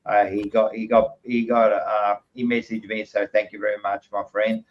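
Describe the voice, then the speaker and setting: A man's voice: on the low side, flat delivery, moderate pace, slight background noise. An Australian man hosting a sports podcast in casual chat, blunt and laughing a lot, swearing freely. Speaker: podcast host. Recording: dull lo-fi sound.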